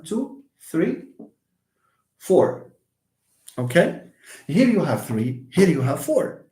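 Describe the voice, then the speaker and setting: A man, teaching English linguistics in a live online lesson and answering questions, moving between quick asides and slow, careful explanation. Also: on the high side. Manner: lively, switches between fast asides and slow syllable-by-syllable explanation. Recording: roomy echo.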